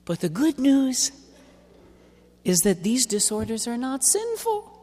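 A man preaching a sermon in an emphatic, deliberate way, stretching out key words. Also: very high-pitched, huge pitch swings, dark tone. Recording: long hall reverb.

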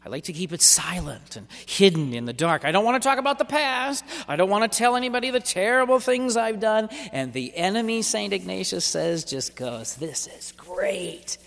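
A man giving a sermon as a preacher, speaking in an animated, emphatic way and driving his points home by repeating them. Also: high voice, a little fast, creaky, hardly any pauses, long reverb tail.

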